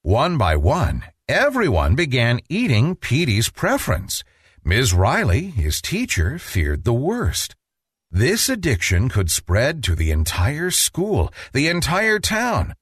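A man reading a children's storybook aloud in an expressive, playful manner. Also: mid-range voice, slow pace, slightly rough, no echo, clean studio sound. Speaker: narrator.

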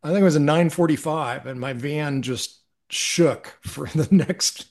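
Gravelly middle-aged man telling his story. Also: fairly high pitch, measured pace, a little mellow. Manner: earnest, reflective, with frequent restarts. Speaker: podcast guest. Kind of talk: personal storytelling in conversation.

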